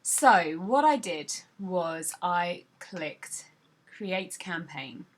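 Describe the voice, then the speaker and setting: A woman's voice: on the low side, lively intonation, extremely slow, a little hiss or hum. A woman who leads a sales team, talking viewers through a screen-recorded tutorial in a chatty, instructive way with a few "um"s. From United Kingdom. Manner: chatty, instructive, stops to think with "um".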